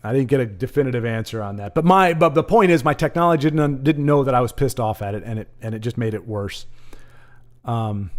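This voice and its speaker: A man's voice: mid-range voice, animated, brisk. A man hosting a live card-game stream, rambling and ranting in casual chat between bits of game commentary. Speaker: stream host and caster.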